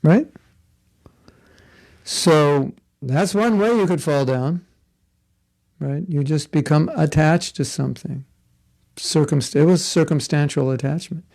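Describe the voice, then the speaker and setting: Man, spiritual teacher, gravelly voice, slightly high pitch, conversational storytelling. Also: takes it slowly, long pauses, darkish tone. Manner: conversational, storytelling with asides and jokes. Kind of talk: devotional class talk. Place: Florida.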